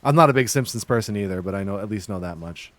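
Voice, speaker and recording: A man's voice: on the low side, animated, fairly bright tone, no echo. Chatty streamer man, dry close sound. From Massachusetts. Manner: chatty, halting, full of restarts. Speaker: livestreamer. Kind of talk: casual stream chat.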